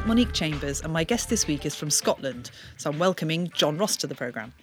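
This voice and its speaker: A woman's voice: sits low, animated, music in the background. Curious woman interview host. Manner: curious, laughs often, quick questions. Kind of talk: casual interview chat.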